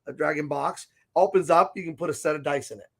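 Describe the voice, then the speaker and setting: A man hosting a casual gaming-store segment, chatty and excitable as he shows off products, with frequent asides, recorded inside a comic and game shop. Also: a little high, fast, vocal fry. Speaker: host of a tabletop gaming segment.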